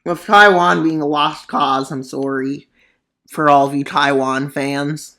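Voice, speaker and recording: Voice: medium pitch, fairly even intonation, measured pace, sharp tone. A mapping video narrator giving casual commentary on a war scenario, full of sarcastic, rambling asides.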